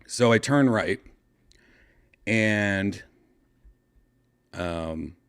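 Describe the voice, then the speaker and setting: A man hosting a podcast, casually telling a story with excitement and swearing, acting out his own shouts. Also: on the low side, very slow, smooth. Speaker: podcast host.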